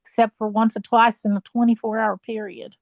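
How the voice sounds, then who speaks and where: A woman's voice: fairly high pitch, little pitch movement, a little fast, gravelly, a little mellow, no room sound. An older woman chatting as a guest, telling long stories and laughing easily. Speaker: guest sharing experiences. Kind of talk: casual chat.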